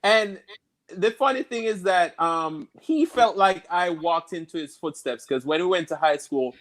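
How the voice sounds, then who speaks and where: Casting note: Jamaican man, slightly higher voice, relaxed interview guest who laughs easily. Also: measured pace. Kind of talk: casual interview chat.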